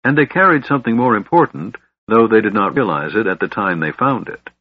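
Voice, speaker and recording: Male fantasy narrator: low, husky, lively reading, lo-fi dry sound. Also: fairly quick. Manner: expressive storytelling. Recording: dull, dry lo-fi recording.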